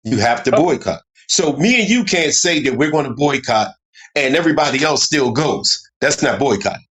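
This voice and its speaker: A man speaking as a panel guest in a casual debate, halting and full of fillers. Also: a little high, expressive, a bit bright.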